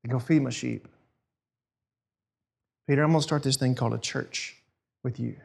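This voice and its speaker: A man voicing Jesus in a sermon retelling, speaking softly and low. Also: steady tone, normal speed, gravelly, husky. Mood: tender. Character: calm male Jesus speaking gently.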